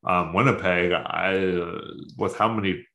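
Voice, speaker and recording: A man's voice: deep voice, fairly even intonation, unhurried, pushed and bright. A man co-hosting a casual sports chat, rambling with lots of fillers and offhand jokes. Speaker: podcast co-host.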